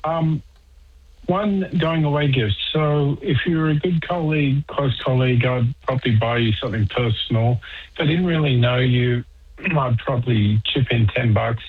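A man's voice: medium pitch, moderate pace, breathy edge. A man calling in to a talk radio show, sharing opinions with a wry, dry sense of humour. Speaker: caller. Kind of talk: phone-in talk. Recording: tinny phone line.

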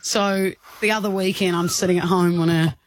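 A man's voice: sits high, steady tone, moderate pace. A man with an Australian accent, co-hosting a radio show and teasing his partner with frequent laughter. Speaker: radio co-host. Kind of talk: casual radio banter. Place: radio studio.

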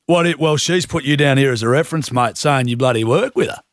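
A man's voice: medium pitch, fast talker, no echo, clean studio sound, natural voice. A man voicing a blokey rural stock agent with a broad rural Australian accent and a laid-back, drawling country manner, on a prank phone call. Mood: mock stern.

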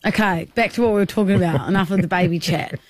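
A woman's voice: fairly low pitch, fast, no echo. An Australian woman co-hosting a radio show in casual, bubbly banter, laughing often and teasing. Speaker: radio co-host.

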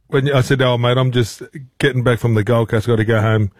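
A man's voice: medium pitch, fairly even intonation, fairly quick, no echo. An Australian man co-hosting a radio show, teasing the others and telling a story. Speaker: radio host. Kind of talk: bantering radio chat.

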